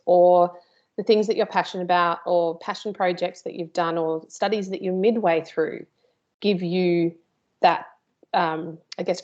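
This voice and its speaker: A woman's voice: on the low side, darkish tone, lo-fi sound. A woman teaching a live workshop, chatty and informal, with playful asides to her host. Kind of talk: live online workshop presentation.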